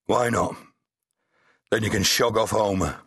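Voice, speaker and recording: A man voicing a bluff, crude older male police chief with a blunt, gruff manner, in an audiobook. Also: fairly low pitch, slow pace, fairly bright tone, no echo, clean studio sound, full character voice.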